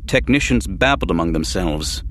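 A man narrating an audiobook in a steady, measured way. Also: sits low, heavy background noise. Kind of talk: scripted narration.

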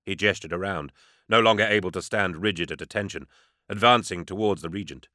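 Man narrating with a forceful, dry voice. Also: low voice, normal speed, no echo. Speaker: audiobook narrator. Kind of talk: scripted narration.

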